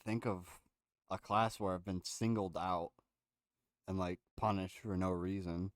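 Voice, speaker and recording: A man's voice: sits low, level tone, a little slow, no room sound, studio quality. A man co-hosting a podcast in casual chat, mostly offering short offhand reactions. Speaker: podcast co-host.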